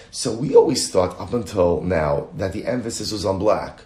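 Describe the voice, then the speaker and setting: A low-voiced man teaches Talmud as a rabbi, animated and quick as he reads through Aramaic quotes. His voice carries an echoey, roomy sound. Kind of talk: Talmud lecture.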